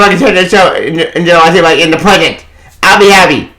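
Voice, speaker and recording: A young man giving a casual video review of a comic book, excitable and gushing, stumbling over his words and swearing now and then. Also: fairly high pitch, fairly quick, background noise.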